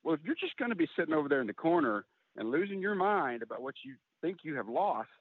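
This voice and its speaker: A woman's voice: sits low, big pitch swings, fast talker, husky, no room sound, pitched above the performer's own voice, exaggerated voice. A man doing his blunt, teasing older mother. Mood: scolding. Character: blunt older mother scolding her grown son. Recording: tinny phone-like line, dry.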